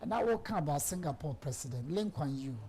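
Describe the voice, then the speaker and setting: A woman's voice: deep voice, animated, fast talker, dark tone, a little hiss or hum. A woman with a Ghanaian accent in a talk show discussion, adding brief interjections and points. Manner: short agreeing interjections, mixing Twi and English.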